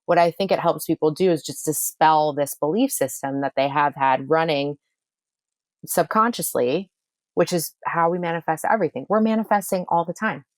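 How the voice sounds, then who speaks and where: A woman with a notably low voice explains her ideas with emphatic repetition. She talks in a relaxed podcast conversation, close to the mic in a dry room. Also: moderate pace, no echo. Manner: emphatic, repeats phrases for effect. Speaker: manifestation coach and astrologer.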